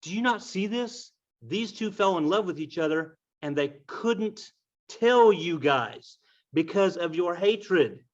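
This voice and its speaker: A man's voice: sits high, animated, takes it slowly, voice pushed up. A man doing an exasperated scolding prince. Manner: exasperated, commanding. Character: stern ruler scolding two feuding fathers. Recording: dull lo-fi recording.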